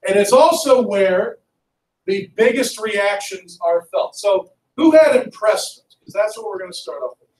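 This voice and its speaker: Male teacher, high voice, lively classroom lecture, echoey room, mic far off. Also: unhurried. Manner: lively, conversational, asks students questions. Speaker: history teacher.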